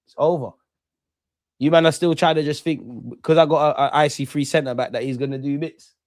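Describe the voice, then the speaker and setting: A man's voice: on the high side, fairly even intonation, a little fast, a little mellow, no room sound, clean studio sound. A young man, a streamer ranting and mocking rival fans in slang-heavy banter during a live football watch-along. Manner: brash, mocking rants with London slang.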